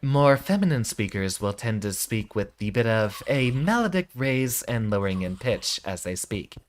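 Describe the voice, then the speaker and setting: Deep-voiced male streamer, melodic cadence. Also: expressive, moderate pace, faint music behind. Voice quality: deep voice from the back of the throat. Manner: melodic rise and fall, drops pitch at sentence ends. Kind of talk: casual stream talk about voice technique.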